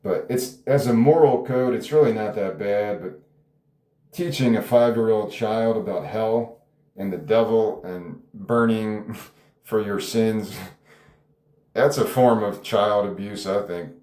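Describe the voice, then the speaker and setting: A man's voice: lowish voice, slow pace, mellow. A man talking through his own story in a casual, rambling way, chuckling often and swearing freely. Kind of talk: casual spoken reflection. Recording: roomy echo.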